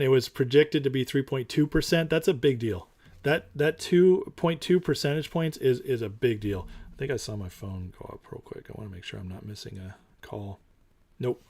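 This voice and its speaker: A man hosting a casual stock market talk show, animated and opinionated, who repeats his points for emphasis. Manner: mocks others in high put-on voices.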